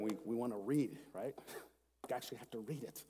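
A man preaching a sermon as a pastor, earnest and self-deprecating, reading scripture slowly and prayerfully. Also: mid-range voice, mellow, slight background noise. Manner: earnest, laughs at himself, slows down to read prayerfully. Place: church sanctuary with seat backs. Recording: long hall reverb.

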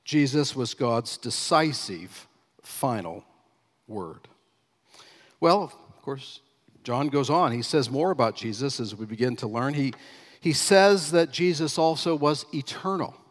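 A man preaching a sermon as pastor, emphatic, slowing down and stressing key phrases as he reads scripture. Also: mid-range voice, animated, big-room sound.

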